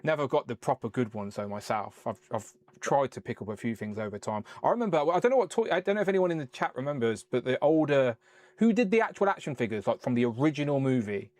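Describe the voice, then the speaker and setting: A man hosting a casual live-stream chat, chatty and encouraging, quick with a joke. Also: mid-range voice, animated, darkish tone. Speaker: host.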